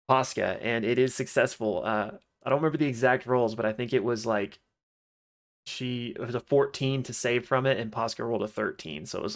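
A man's voice: mid-range voice, a bit bright. Male podcast host, casual recapper, mid-range voice, easygoing filler-heavy delivery. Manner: loose retelling with many fillers.

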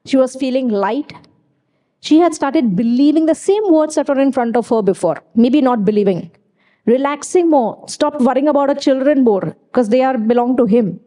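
A woman's voice: high-pitched, normal speed, mellow. A woman preaching a sermon, emphatic and repeating key phrases, weaving in personal stories.

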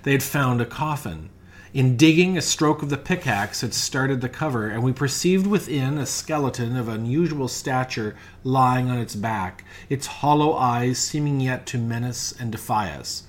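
Brief: male reader, mid-pitched, measured dramatic storytelling with hushed drops. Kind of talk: dramatic reading of a ghost story.

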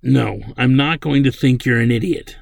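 A man voicing a brilliant older male inventor with dry humor, speaking in a measured, fatherly way. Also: mid-range voice, vocal fry, dry recording. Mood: calm.

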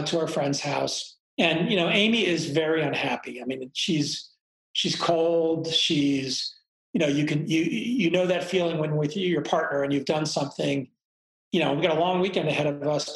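Gravelly reflective man in a roomy space. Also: a little high, normal speed. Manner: reflective, frank, swears casually. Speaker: guest telling a personal story. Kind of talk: candid storytelling conversation. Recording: roomy echo.

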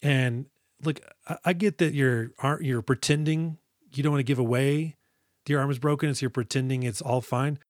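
A man's voice: medium pitch, fairly even intonation, brisk, no room sound. Guy cohosting a movie podcast, jokey and sweary, dry close sound. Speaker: podcast co-host. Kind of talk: casual movie review chat.

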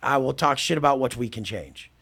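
Guest role: gravelly man, blunt and profane, intense. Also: mid-range voice, fairly quick, a bit bright. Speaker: podcast guest. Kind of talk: casual talk.

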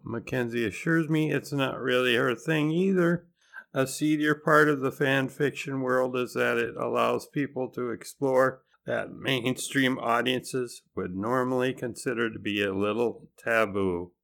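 A man's voice: medium pitch, gravelly, fairly bright tone. A man hosting a podcast, narrating in a conversational way with dry, wry humor. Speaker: podcast host.

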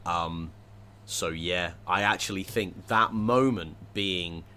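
A man in casual discussion, thinking aloud with many pauses, fillers and restarts. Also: sits low, sharp tone, clean tone.

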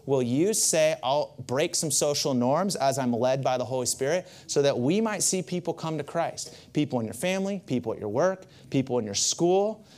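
A man's voice: mid-range voice, expressive, moderate pace, few pauses, a little mellow. A man preaching in a chatty storytelling way. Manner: conversational, storytelling with asides. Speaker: pastor. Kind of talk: sermon with personal story.

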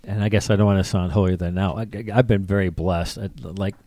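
A man's voice: sits low, steady tone, mellow, no room sound. A man co-hosting a casual faith podcast, speaking in a reflective, heartfelt way. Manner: reflective, heartfelt, with quick asides.

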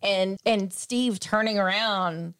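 A woman's voice: mid-range voice, slow pace, fairly bright tone. A woman blogger and podcast host telling stories in casual panel chat, laughing easily. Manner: chatty storyteller, laughs often.

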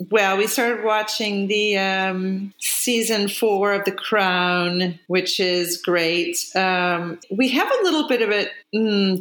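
A woman's voice: medium pitch, fairly bright tone. A woman co-hosting a podcast, talking expressively and gushing about shows and music, laughing readily. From Los Angeles area. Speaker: podcast co-host. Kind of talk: casual interview chat.

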